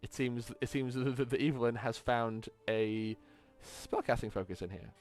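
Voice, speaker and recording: A man's voice: mid-range voice, a little mellow, faint music behind. Stammering man running a tabletop game. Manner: stammering, quick restarts. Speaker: game master.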